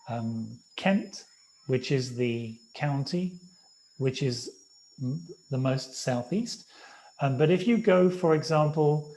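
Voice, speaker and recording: A man from the United Kingdom explaining things to English learners in a live online class, slowly and patiently, with many fillers. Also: on the high side, darkish tone, low-quality recording. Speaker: English teacher. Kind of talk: explaining to language students.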